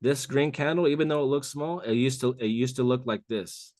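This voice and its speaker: A trading mentor on a live call guides listeners through a trading chart, speaking loosely and calling them "bro" a lot. His mid-range voice is a little fast and slightly mellow, in clean studio sound with no room tone.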